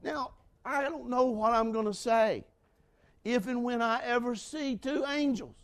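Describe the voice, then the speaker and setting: An older man preaching a sermon, repeating lines for emphasis and swinging from shouts down to hushed whispers. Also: very high-pitched. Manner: dramatic shifts from shouting to hushed whispers, with laughs; preaching slowly with emphatic repetition. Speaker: pastor.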